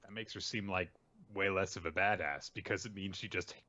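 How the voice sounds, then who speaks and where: A man's voice: low-pitched, fairly even intonation, brisk, pushed and bright, dry recording, muffled recording. A man co-hosting a casual podcast, trading dry joking asides about manga. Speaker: podcast co-host. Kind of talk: casual chat.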